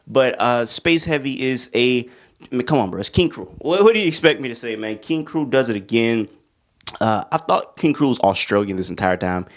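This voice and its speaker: Male music vlogger, casual and excitable, rambling slangy delivery, mid-range pitch. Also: moderate pace. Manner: excitable, rambling, slangy, full of "bro" and "you feel me". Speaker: music reviewer. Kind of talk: casual album ranking vlog.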